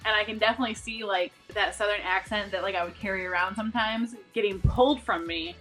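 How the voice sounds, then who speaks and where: A woman's voice: mid-range voice, fairly even intonation, fast talker, over music. A woman in her thirties from Syracuse, New York, co-hosting a casual podcast chat in a chatty, upbeat way. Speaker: podcast co-host.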